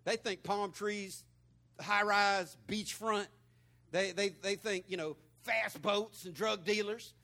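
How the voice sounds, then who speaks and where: A man's voice: sits high, fairly even intonation, takes it slowly, bright, forceful tone. A man from Florida with a Southern twang, preaching a conversational sermon in a folksy, storytelling way full of repeated words. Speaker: pastor.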